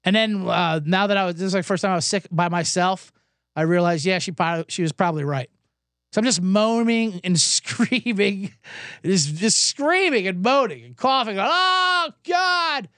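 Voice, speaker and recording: A man's voice: high voice, normal speed, a bit bright, no echo, clean studio sound. A man hosting a podcast, telling a rambling, self-deprecating comedic story while he recovers from a cough. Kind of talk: comedic casual monologue. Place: indoors, Los Angeles.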